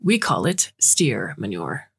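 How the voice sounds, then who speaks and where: A woman voicing an evasive, scheming middle-aged father who talks in a gruff, offhand way. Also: rumbling low, wildly swooping pitch, slow, pitched below the performer's own voice, heavily acted.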